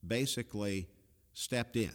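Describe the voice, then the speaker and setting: A man's voice: on the low side, a little slow, long reverb tail. A man co-hosting a conversational Bible discussion, explaining verses in plain everyday paraphrase. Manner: explains in plain paraphrase, acts out quoted lines. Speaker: Bible study co-host.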